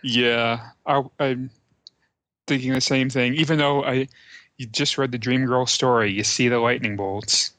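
A man's voice: medium pitch, fairly even intonation, measured pace, a bit bright, no room sound. A man making laid-back comments and quips in a casual chat. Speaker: podcast co-host.

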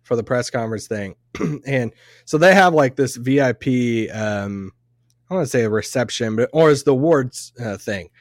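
With lively intonation at a moderate pace, a medium-pitched podcast co-host spins a rambling story, laughing and restarting often in casual conversation. It was captured live at an event venue, yet the sound is clean and studio-like with no room sound.

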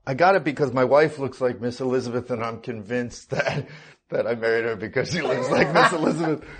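Man, relaxed, chatty, laughs often, casual interview guest. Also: mid-range voice, fairly quick, slight background noise. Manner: laid-back, laughing, chatty storyteller. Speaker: guest, actor.

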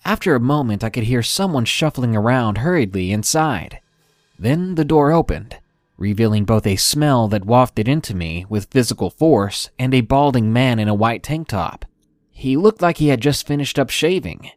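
A man hosting a podcast, reading horror stories aloud in a measured, deliberate storytelling manner. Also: medium pitch, lively intonation, dry recording, studio quality. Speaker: podcast host and narrator. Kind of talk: scripted horror story narration.

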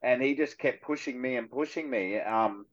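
A man's voice: medium pitch, normal speed, lo-fi sound. A man in his forties with an Australian accent, an actor guest chatting on a radio show and acting out the voices in his stories. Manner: animated storyteller who acts out quoted voices. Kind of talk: casual radio chat.

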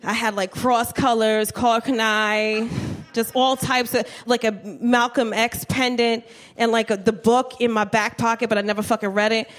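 A woman comedian on stage with a bright, high voice, spinning brash and profane stories. She giggles through her lines and talks to the crowd in front of her. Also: flat delivery, moderate pace. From New Jersey, USA. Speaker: stand-up comedian. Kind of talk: live stand-up set. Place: comedy stage before a live audience.

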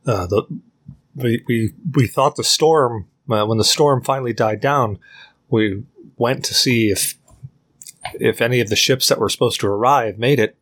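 A man voicing a kindly, well-dressed male elf doctor in a tabletop game, speaking in a gentle, reassuring way. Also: mid-range voice, a little slow.

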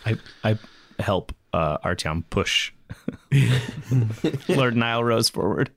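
Tabletop player, man, deep voice, slow easygoing talk. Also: lively intonation, gravelly, husky. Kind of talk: casual tabletop play.

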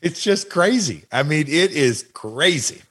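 A man co-hosting a podcast, telling rambling, animated family anecdotes and quoting people along the way. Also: on the high side, a little slow, husky. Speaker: podcast co-host. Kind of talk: casual podcast storytelling.

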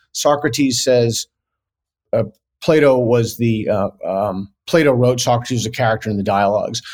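Male guest, mid-pitched, earnest debater, stops and restarts mid-thought. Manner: earnest and argumentative, with many halting restarts. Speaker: interview guest. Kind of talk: conversational video interview.

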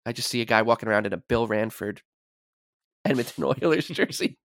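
A man's voice: medium pitch, fairly quick, creaky. A man chatting as a guest on a casual sports podcast, rambling and stumbling over repeated words.

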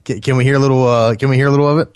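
A man hosting a music interview show, easygoing and halting, with many fillers. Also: medium pitch, fairly even intonation, a little mellow, clean tone, no echo, studio quality. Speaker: radio show host.

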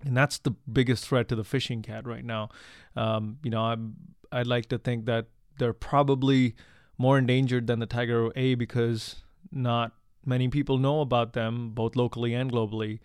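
Smooth-voiced man explaining with earnest fillers. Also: medium pitch, level tone, moderate pace, dry recording, studio quality. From India. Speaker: wildlife researcher and conservationist guest. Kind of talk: conversational interview answers.

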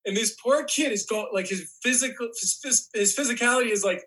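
Man, podcast guest, casual chat, rambling, high pitch, bright tone. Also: fairly quick, low-quality recording. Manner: rambling, restarts often, says "like" a lot. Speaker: guest actor.

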